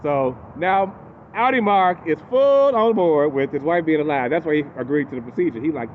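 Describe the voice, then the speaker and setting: A man's voice: fairly high pitch, moderate pace, a little hiss or hum. A man animatedly recapping a TV episode in casual speech, acting out the characters as he goes. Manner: animated, acts out characters in quotes. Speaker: TV recap host. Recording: tinny phone-like audio.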